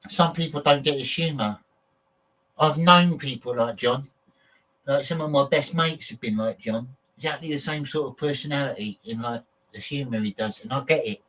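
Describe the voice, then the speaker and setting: A man hosts a casual chat stream in a blunt, candid, swear-laden manner. His voice sits at an ordinary middle pitch. It comes through distant and choppy, as if over a bad internet connection. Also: moderate pace, fairly bright tone. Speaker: show host.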